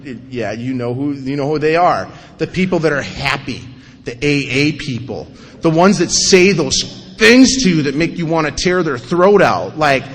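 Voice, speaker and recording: Guy telling his aa story up on stage, high voice, lots of hall echo, does goofy voices for people. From North Dakota. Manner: animated storytelling, acts out quotes in mocking voices. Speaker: AA speaker sharing his story. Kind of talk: recovery talk to an audience. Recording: live recording in a reverberant hall.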